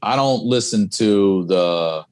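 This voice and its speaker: Loose-talking, cursing man, slightly low voice. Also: slow, darkish tone, clean tone. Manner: loose, profane storytelling. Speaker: comedian guest. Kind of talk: casual podcast chat.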